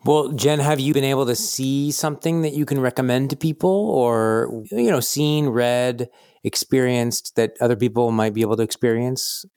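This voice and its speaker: A man's voice: medium pitch, normal speed, a little mellow, clean tone, dry recording, studio quality. A man co-hosting a podcast, asking guests questions in a playful, teasing way. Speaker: podcast co-host. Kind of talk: casual interview chat.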